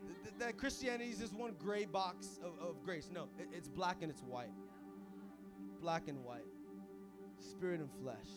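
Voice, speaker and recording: A young man preaching an energetic sermon as pastor, casual and full of slang, swinging from hushed asides to shouting. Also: high-pitched, moderate pace, loud music behind the voice.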